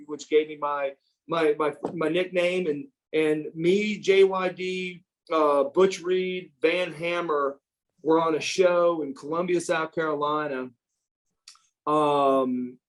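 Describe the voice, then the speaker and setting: A middle-aged man, an interview guest, telling stories in a casual, animated way, repeating words and acting out quotes. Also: on the high side. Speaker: interview guest, former pro wrestler. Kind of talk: casual storytelling.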